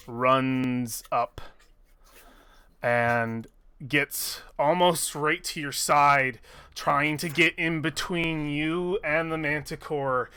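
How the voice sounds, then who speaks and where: A man narrating as game master with slow, descriptive storytelling. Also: a little high, sharp tone, smooth, no echo.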